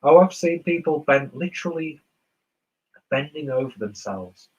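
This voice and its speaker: A man's voice: fairly high pitch, lively intonation, a little slow, a little mellow, breathy edge, highs cut off. A man from northern England with a posh southern English accent, rambling casually through viewer comments as host of a beer livestream. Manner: rambling, self-mocking, chatty. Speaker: beer reviewer streaming host.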